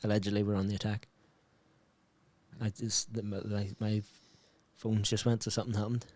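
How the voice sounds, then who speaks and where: A man's voice: lowish voice, little pitch movement, moderate pace, darkish tone, no room sound, clean studio sound. A man co-hosting a casual football watchalong, bantering, joking and swearing freely with his friend. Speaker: watchalong co-host.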